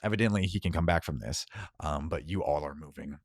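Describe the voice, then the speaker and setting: A man with a very low voice narrates a tabletop superhero game as game master. He talks casually, dotted with ums. The sound is dry and close. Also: a little fast, no echo. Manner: casual, with many filler ums.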